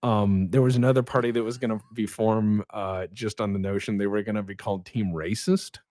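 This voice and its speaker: A man's voice: fairly low pitch, fairly even intonation, a little fast, mellow, no room sound, studio quality. A young adult man, a podcast guest, telling rambling, profane stories in casual chat.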